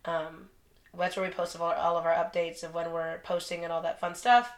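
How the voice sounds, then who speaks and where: A woman's voice: lowish voice, level tone, moderate pace. A young woman co-hosting a podcast, telling a blunt, profanity-heavy story in casual chat. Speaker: podcast co-host. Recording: roomy echo.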